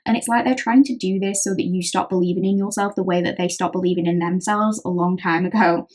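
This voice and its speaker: A woman's voice: fairly low pitch, fairly even intonation, quick pace, a little mellow. A British woman giving a chatty pick-a-card tarot reading, talking straight to the viewer and acting out what other people say. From Britain. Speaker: tarot reader.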